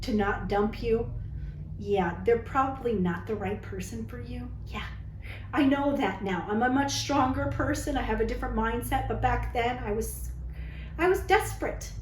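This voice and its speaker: Woman, casual vlog storytelling, candid and dramatic, slightly high voice, faint background hum. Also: moderate pace, reverberant, rough recording. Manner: dramatic, candid, chatty, tags lines with "okay?". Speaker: vlogger telling dating stories.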